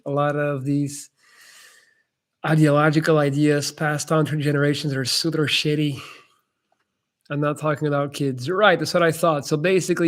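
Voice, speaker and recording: A young man hosting a casual live-stream chat, answering viewers' questions in a blunt, laid-back way and calling people "man". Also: fairly high pitch.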